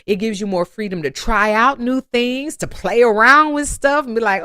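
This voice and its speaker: A woman's voice: on the high side, normal speed, sharp tone, no echo, studio quality. A woman voice teacher giving an online singing lesson, encouraging her students and breaking into sung phrases and vocal exercises.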